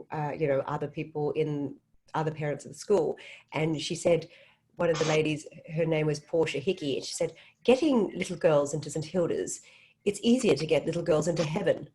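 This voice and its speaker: Aussie woman with a low voice, chatty and rambling, casual panel talk. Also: slight background noise. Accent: Australian. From Australia. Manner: chatty, rambling storyteller with animated asides. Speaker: convention panel guest. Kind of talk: casual chat.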